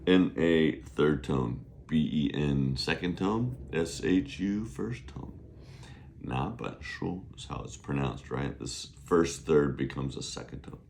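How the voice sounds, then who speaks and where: A man teaching Mandarin in a casual online lesson, joking around, spelling out words and drawing them out slowly for learners to repeat. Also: a bass voice, expressive, vocal fry, a little mellow, a little hiss or hum. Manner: playful, jokey, sings to himself; slow, drawn-out model pronunciation. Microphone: camera on a desk.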